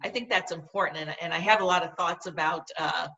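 Woman, middle-aged, earnest halting storyteller, bright tense tone, a bit off-mic. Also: lowish voice, creaky, recorded from a distance, highs cut off. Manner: earnest, halting, with frequent restarts. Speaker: guest. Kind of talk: personal storytelling in conversation.

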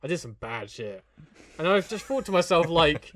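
A young man co-hosting a podcast, making deadpan, sarcastic jokes. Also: a little high, moderate pace, dry recording. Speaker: podcast co-host. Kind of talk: casual comedic chat.

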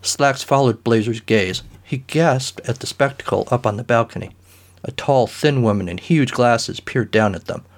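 A male narrator reading a comic story in a dry, deadpan way, his voice sitting at a middling pitch. The delivery stays scripted and even. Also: normal speed.

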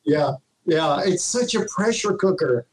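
A man's voice: on the high side, lively intonation, measured pace, low-quality recording. A man speaking as a guest public speaker in an emphatic, upbeat motivational manner, often tagging on rhetorical questions. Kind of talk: motivational talk.

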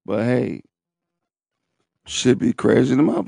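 A man's voice: mid-range voice, sing-song, a little slow, gravelly, mellow, dry recording. A man hosting his own podcast, rambling in a profane, streetwise, boastful way. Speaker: podcast host. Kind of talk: rambling solo podcast talk. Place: at home, seated in a wheelchair.

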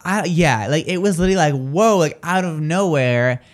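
A man's voice: fairly high pitch, a little fast. A man co-hosting a live radio talk show, telling stories in a rambling, chatty way full of fillers and restarts. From New Jersey. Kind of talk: casual chat.

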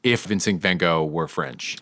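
A man's voice: deep voice, a little slow. A man co-hosting a casual film chat who laughs often and knows a lot about movies. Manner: laughs often, knowledgeable, animated. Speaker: podcast co-host.

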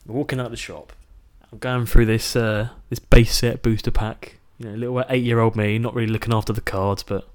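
A man's voice: on the low side, brisk, few pauses. British man in his twenties, storytelling. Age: 20s. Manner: animated anecdote telling, swears casually. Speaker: podcast co-host. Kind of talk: casual chat, storytelling.

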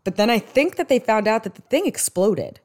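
A podcast host, a woman with a New York accent, chats on her own in a loose, rambling way, often restarting her sentences. Her pitch swings widely up and down as she gets animated. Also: brisk. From US East Coast. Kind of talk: casual solo podcast chat.

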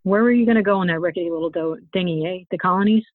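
A woman voicing a gruff thug boss, tinny. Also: lowish voice, racing, no room sound, lightly acted. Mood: mocking. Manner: rough, slangy, commanding. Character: gruff male thug boss, weary and blunt. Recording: tinny phone-like, dry sound.

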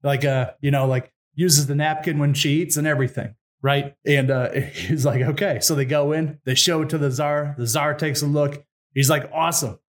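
A man casually retelling a folk tale to a friend, animated and slangy, often laughing. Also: on the high side, moderate pace. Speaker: storyteller.

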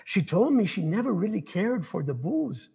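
A concerned neighbor woman speaking in a hushed, confiding tone, read by a man. The voice is gravelly and husky. She gossips quietly about a friend. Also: high voice, sing-song, moderate pace, full character voice.

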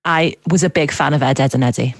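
A young woman co-hosting a casual podcast, jumping in with bright, eager reactions. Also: low-pitched, quick pace, dry recording. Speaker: podcast co-host. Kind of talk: casual chat.

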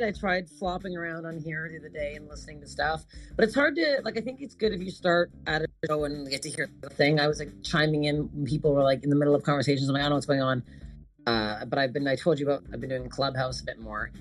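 A woman's voice: deep voice, fast, faint music behind. A woman comic actress chatting casually, telling stories animatedly with laughs and swearing. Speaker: comedic actress, guest. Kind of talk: casual chat.

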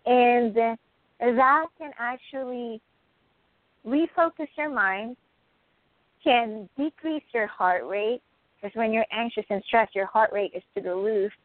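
A woman life coach calmly guiding a breathing exercise and giving advice in a casual conversation. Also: a little high, slow pace, no echo. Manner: calm, guides a breathing exercise by counting. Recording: tinny phone-like line.

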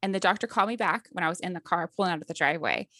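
A woman's voice: fairly low pitch, very fast, sharp tone, no room sound. A woman in her thirties, a podcast guest telling a personal story in casual conversation, acting out quotes and laughing often.

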